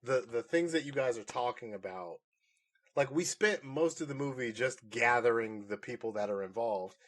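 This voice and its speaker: This is a man of middling pitch co-hosting a podcast and talking through a film review. He rambles and restarts, gets animated, and breaks into laughter now and then. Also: normal speed. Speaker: podcast co-host. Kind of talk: casual movie review chat.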